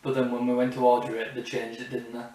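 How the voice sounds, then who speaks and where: A man co-hosting a casual haul video, laid-back and chiming in with quick agreements. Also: mid-range voice, completely flat delivery, dark tone. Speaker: YouTube co-host. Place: warm indoor room. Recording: roomy echo, distant mic.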